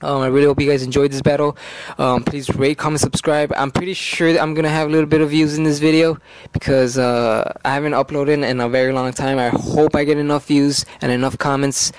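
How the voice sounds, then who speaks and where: A man's voice: a little high, fairly even intonation, brisk, smooth, no room sound. A man talking casually over a game video, hyper and rambling, swearing freely. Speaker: gaming YouTuber. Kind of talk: game commentary.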